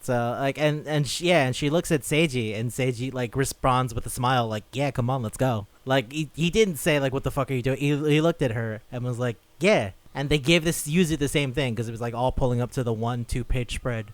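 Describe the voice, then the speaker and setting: A man's voice: medium pitch, brisk, hardly any pauses, dry recording. A man co-hosting a podcast in casual chat, swearing freely and acting out quotes as he talks. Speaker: podcast co-host.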